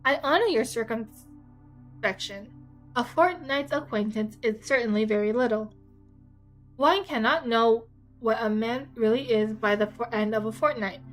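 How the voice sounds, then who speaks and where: A woman voicing a dry, teasing older gentleman, speaking in a wry, unhurried way. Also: fairly high pitch, soft background music, close to an everyday voice, rough recording.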